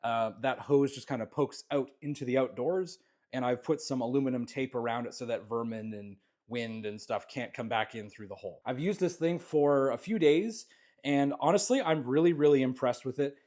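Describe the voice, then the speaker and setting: A man's voice: medium pitch, moderate pace. A man from Canada walks through his small home jewellery workshop and talks as he goes. His voice sits in an everyday middle range. He rambles, restarts and fills the gaps with "uh" and "um". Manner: relaxed, rambling, many fillers and restarts. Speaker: jewellery maker giving a studio tour. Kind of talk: casual walkthrough vlog.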